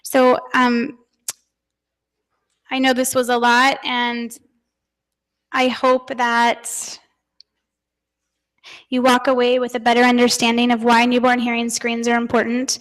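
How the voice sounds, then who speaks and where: A middle-aged woman giving a conference talk, telling family stories in a chatty, animated way and laughing often. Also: a little high, slow, pauses often, long reverb tail. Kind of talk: conference talk told through family anecdotes.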